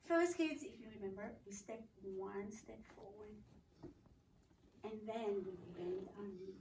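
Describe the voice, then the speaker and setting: A woman's voice: mid-range voice, a little slow, noisy background. A woman co-teaching a children's yoga class, explaining each pose step by step in a patient, matter-of-fact way. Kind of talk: demonstrating poses step by step. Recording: echoey room, mic at a distance.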